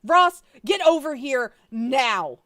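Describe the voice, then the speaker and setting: Monica, as a woman puts her on, shrill and jealous. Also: sing-song, moderate pace, no room sound, studio quality. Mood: bossy. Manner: loud, exasperated. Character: indignant young woman, jealous and bossy.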